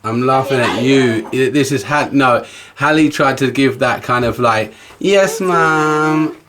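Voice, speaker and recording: A man's voice: medium pitch, steady tone, normal speed, a bit bright. A British man, a father joking and bantering with his family in their home kitchen for a vlog. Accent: British English. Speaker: father, vlogger. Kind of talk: casual family vlog chat.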